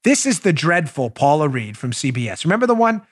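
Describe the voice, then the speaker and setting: A man hosting a political commentary show, animated and sarcastic with wisecracks. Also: a little high, brisk, husky, dry recording, studio quality. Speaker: host.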